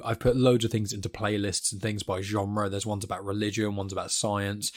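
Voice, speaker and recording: A man's voice: lowish voice, little pitch movement, a little fast, few pauses. A man guest hosting a podcast, chatty and rambling with self-deprecating jokes. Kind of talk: casual chat.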